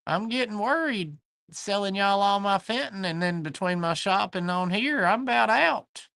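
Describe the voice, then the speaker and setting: A man's voice: sits high, animated, normal speed, vocal fry, pushed and bright, no room sound. A man with a Southern US accent hosting a live online antique sale from his shop, chatting folksily and greeting viewers by name. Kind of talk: livestream chat, reading viewer comments.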